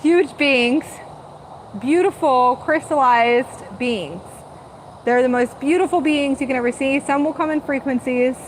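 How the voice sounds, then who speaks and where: A woman's voice: high-pitched, measured pace, a little hiss or hum, poor audio. A woman hosting a live spiritual channeling talk, speaking in a dreamy, rambling, gushing way.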